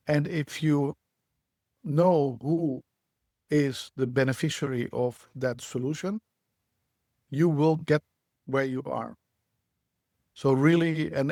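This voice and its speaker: A man, a guest on a podcast, speaking in a measured, reflective way with frequent restarts. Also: mid-range voice, darkish tone, dry recording, studio quality. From Netherlands. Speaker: guest, startup CEO. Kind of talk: podcast interview.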